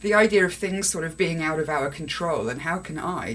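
A young woman co-hosts a casual podcast, talking in a lively, self-deprecating way. A faint hum sits under her voice. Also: low-pitched, fairly quick. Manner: chatty, animated, self-deprecating. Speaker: podcast co-host.

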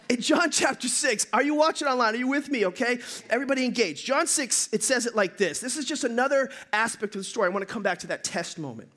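Animated, high-voiced male pastor. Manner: animated, humorous storytelling. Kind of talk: sermon.

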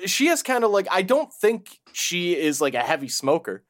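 A man's voice: high voice, big pitch swings, moderate pace, a bit bright. A man co-hosting a podcast, rambling casually with lots of fillers and restarts. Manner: rambling, hesitant with many fillers, laughs often. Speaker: podcast co-host. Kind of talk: casual chat.

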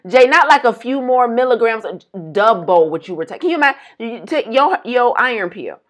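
A woman, co-hosting a casual chat and telling animated stories. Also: a little high, normal speed. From Detroit. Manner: animated storytelling, acts out quotes. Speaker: podcast co-host.

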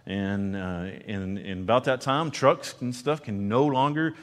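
A male pastor preaching a sermon, earnestly shifting between loud emphasis and quiet, slow lines. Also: on the low side. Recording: long hall reverb.

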